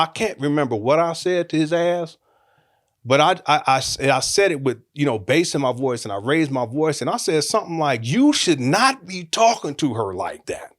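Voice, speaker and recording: A man in his forties with a voice a little higher than most men. He talks frankly and jokes as he goes, rambling and breaking off into restarts. It sounds like a relaxed, off-the-cuff storytelling monologue.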